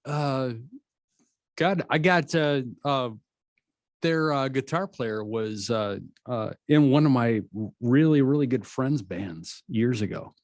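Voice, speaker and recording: A man's voice: medium pitch, a little mellow, dry recording, clean studio sound. A man hosting a casual podcast chat, reacting briefly and stumbling over fillers when he tells his own stories. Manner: short reactions, halting with fillers. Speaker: podcast host.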